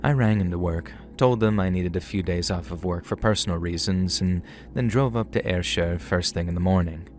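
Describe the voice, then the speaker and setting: A man with a very low, deep voice narrates a horror story in a measured, wry way. Soft music plays faintly beneath his voice.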